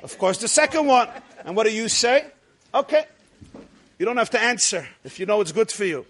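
High-voiced man lecturing a class. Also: sing-song, fairly quick, fairly bright tone. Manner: asks the class questions and answers them himself, jokes with them. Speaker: rabbi teaching a class.

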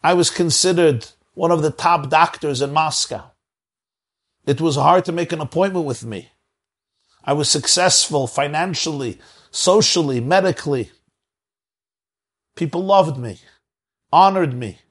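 A man's voice: a little high, a little slow, pauses often, breathy edge, voice pushed up. A man voicing a bitter former top doctor lamenting his lost status in a told story. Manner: lamenting, listing past honors.

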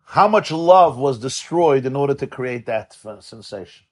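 A man speaking in an earnest, halting, introspective personal monologue. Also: mid-range voice, expressive, slightly rough.

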